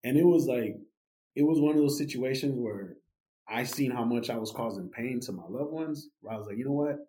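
A young man casually telling a story as a podcast guest, animated and full of fillers like "you know" and "right". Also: mid-range voice, a little fast. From United States.

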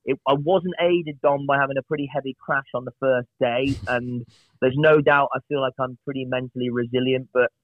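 A chatty man spins self-deprecating anecdotes as a podcast guest, stumbling and restarting as he goes. His mid-pitched voice is thin and phone-like, with no room around it. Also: no echo. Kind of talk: casual storytelling on a podcast. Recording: tinny phone-like line, dry.

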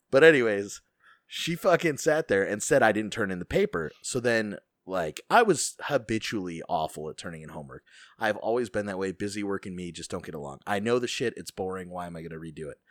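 Guy with a lowish voice, dry close sound, cussing and telling a school story. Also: fairly quick, no echo. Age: adult, school friend of co-host. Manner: profane, animated storyteller. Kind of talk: casual chat.

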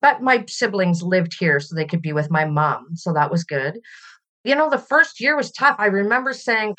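A woman's voice: on the low side, animated, moderate pace. A middle-aged woman from Canada, a podcast guest speaking reflectively in a conversational interview. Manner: reflective and warm, laughs while telling stories.

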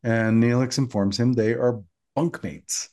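A man's voice: medium pitch, measured pace. A man co-hosting a podcast, chatting casually and telling stories as he recaps an episode. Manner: chatty, animated storytelling. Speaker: podcast co-host.

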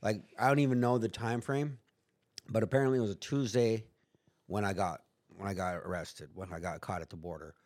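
A man's voice: on the low side, steady tone, brisk, a little mellow, dry recording. A man guest on a podcast, telling a story in casual chat, swearing freely and acting out what other people said. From United States. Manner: profane, acts out other people's lines in quotes.

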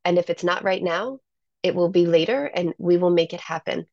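An enthusiastic woman telling stories as an interview guest, with a gravelly edge to her voice. The sound is dry and a little muffled. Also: fairly low pitch, moderate pace, a little mellow, dry recording. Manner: enthusiastic storyteller. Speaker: guest, salon owner. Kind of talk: casual interview.

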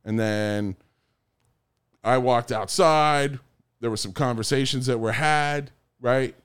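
A man casually telling a story among friends, animated, swearing a lot and acting out the quotes. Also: medium pitch, slow, smooth.

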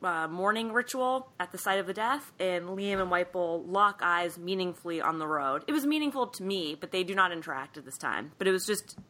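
Podcast co-host, woman, bright forceful voice, chatty animated recapper. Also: fairly low pitch, fairly quick, hardly any pauses. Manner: animated storytelling, acts out quoted lines. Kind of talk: casual movie recap.

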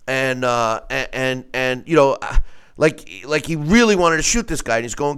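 A man with a smooth, clear voice tells a long story in casual conversation. He rambles, stumbles over repeated words, and acts out what other people said. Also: medium pitch, moderate pace, fairly bright tone. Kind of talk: casual call-in chat.

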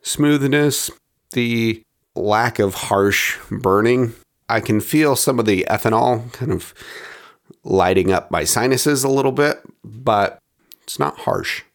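A man hosting a podcast, describing a bottle and tasting it in a measured, descriptive way, with quieter asides as he handles it. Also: mid-range voice. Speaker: podcast host reviewing spirits. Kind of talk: scripted review narration.

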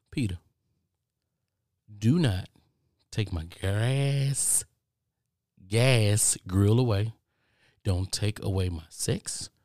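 Man, deep low voice, middle-aged, podcast host, casual ranting monologue, repetitive, swearing, dry close sound. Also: darkish tone, dry recording. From United States.

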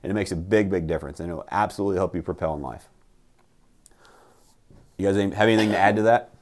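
A man's voice: low voice, fast talker, darkish tone. A man hosting a casual motivational talk, emphatic and blunt, who swears and keeps asking "right?".

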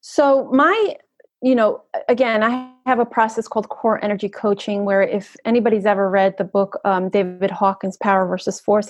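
A woman's voice: mid-range voice, steady tone, normal speed, no room sound, highs cut off. A woman energy coach talking as a guest in an interview, flowing and earnest, often checking in with "right?". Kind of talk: conversational podcast interview.

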